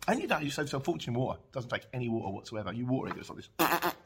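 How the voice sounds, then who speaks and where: A man's voice: mid-range voice, expressive, rapid-fire, fairly bright tone, slight background noise. A man in his fifties with a Cockney accent, hosting a casual stream, rambling through viewer comments and wandering off on tangents. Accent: London Cockney. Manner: rambling, chatty, goes off on tangents. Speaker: courier driver livestream host. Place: dim room lit by Christmas lights.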